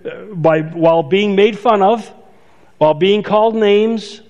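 A pastor giving a conversational sermon, stopping to restart phrases and add asides. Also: male voice, high voice, a little slow, darkish tone. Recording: dull sound with long hall reverb.

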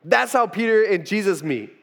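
A young male pastor with a high-pitched voice preaches in an easygoing, chatty style. He tells the story loosely, trailing off and restarting his phrases as he goes. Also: animated, normal speed, gravelly, a bit bright. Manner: casual storytelling with fillers and restarts. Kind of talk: conversational sermon.

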